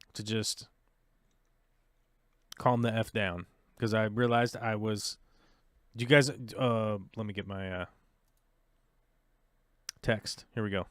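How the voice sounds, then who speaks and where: A man's voice: fairly low pitch, measured pace, long pauses, clean tone, no room sound, studio quality. Frustrated man muttering at his computer. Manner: frustrated, mutters to himself while fiddling with software. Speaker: podcast host. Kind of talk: casual livestream chat.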